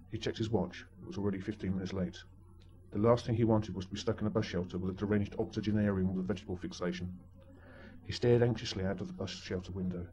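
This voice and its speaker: A man's voice: fairly low pitch, fast talker, warm tone, lo-fi sound. A man narrating a story in a dry, wry manner.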